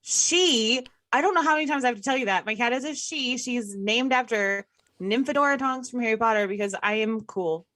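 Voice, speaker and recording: A woman's voice: a little high, fairly quick, a bit bright, dry recording. A woman co-hosting a live podcast stream, chatting casually and joking with laughter. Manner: chatty, jokey, laughs often. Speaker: podcast co-host.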